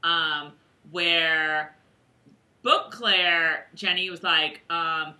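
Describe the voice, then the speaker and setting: A woman's voice: sits low, very slow, pushed and bright. A woman co-hosting a casual chat show, giggling often and slipping into playful put-on accents. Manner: giggly, slips into playful mock British accents. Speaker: podcast co-host.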